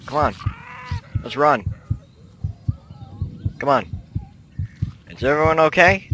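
A man's voice: a little high, animated, slow pace, a little hiss or hum. A young man giving playful, rambling commentary while playing a game. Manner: playful, rambling, bursts into loud shouts. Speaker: gameplay commentator. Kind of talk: casual gameplay commentary.

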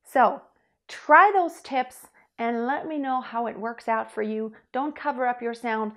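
A woman's voice: a little high, a little slow, a bit bright. A young woman teaching a singing lesson, explaining technique and sometimes singing short demonstration notes. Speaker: vocal coach.

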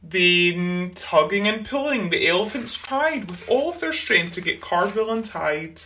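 A woman reading a rhyming children's storybook aloud, expressive and rhythmic. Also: on the low side, measured pace, a little hiss or hum. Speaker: school reader.

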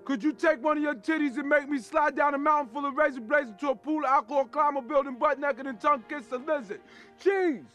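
Brash crude comedy hustler; very high, bouncing delivery. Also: male voice, normal speed, faint music behind. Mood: showing off. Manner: boastful, crude, loud and animated. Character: brash streetwise man coaching his friend on women. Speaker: film character. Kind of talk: comedy film acting.

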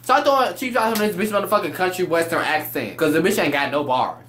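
A young man tears through his review at a rapid clip, loud and animated, swearing freely. His voice sits a bit high for a man, and the faint hum of a small home setup lingers behind him. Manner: loud, animated and profane ranting. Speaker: reality show reviewer. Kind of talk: casual profane rant.

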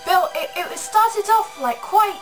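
A woman with an Australian accent, co-hosting a vlog in excitable casual chat and gushing about things. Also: very high voice, slow pace, soft background music, low-quality recording. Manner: animated and gushing. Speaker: vlog co-host.

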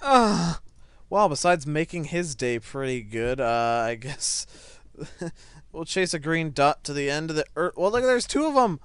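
A teenage boy giving live commentary on a game he is playing at home, excitable, laughing and stammering as things happen. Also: on the high side, measured pace, clear, resonant tone, no room sound. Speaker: gaming YouTuber. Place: home, seated in a chair.

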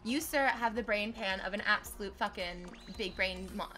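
A woman streaming live while sick, excitedly thanking her chat for donations, gushing, swearing freely and squealing. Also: mid-range voice, normal speed, loud music behind the voice.

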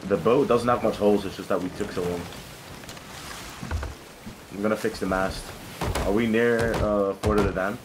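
A young man with a lowish voice plays a game while chatting with his teammates, excitable and quick to swear. He breaks into sudden loud bursts. Clear boat and water game sounds run underneath his voice. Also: background noise. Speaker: game streamer. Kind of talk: casual gameplay chat with teammates.

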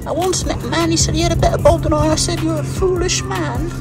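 A man putting on a very high, theatrical voice as a boastful archer. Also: fairly even intonation. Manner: squeaky, fast and theatrical. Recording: distant voice over loud music.

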